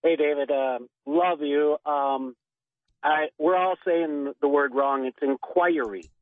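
A man's voice: fairly high pitch, steady tone, no echo. A man calling in to a talk radio show, rambling and earnest, heard over a tinny phone line. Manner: rambling, earnest, drawn-out pauses. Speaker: caller.

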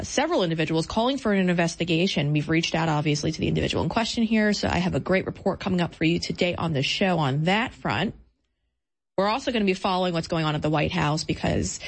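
A woman hosting a political talk show, running through the day's lineup in a brisk, emphatic and combative manner. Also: on the low side.

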